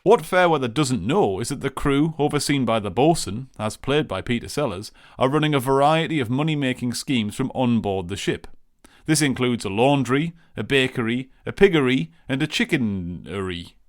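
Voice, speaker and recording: A man hosting a podcast, reading a wry, deadpan film recap from a script. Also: mid-range voice, moderate pace, no echo, studio quality. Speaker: podcast host.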